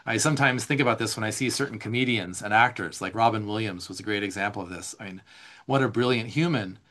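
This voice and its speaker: A man's voice: lowish voice, fast, fairly bright tone. Man teaching a somatic class. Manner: reads slides aloud, then explains in casual asides. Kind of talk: live online class teaching.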